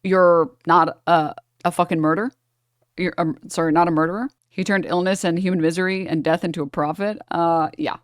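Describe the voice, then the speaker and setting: A woman's voice: lowish voice, no room sound, studio quality. A woman streamer reacting to clips with blunt, profane, heated rants. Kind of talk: casual reaction commentary.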